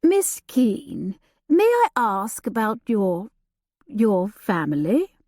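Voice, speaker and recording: A woman voicing a grieving older earl who speaks softly, slowly and earnestly. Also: mid-range voice, wildly swooping pitch, no room sound, clean studio sound. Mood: gentle. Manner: soft, slow and solicitous.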